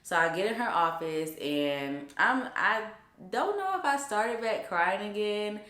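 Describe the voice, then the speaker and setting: Bright-voiced young woman telling a story. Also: medium pitch, animated, measured pace. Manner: chatty, emphatic, full of fillers. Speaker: vlogger. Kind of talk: casual storytime. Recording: roomy echo.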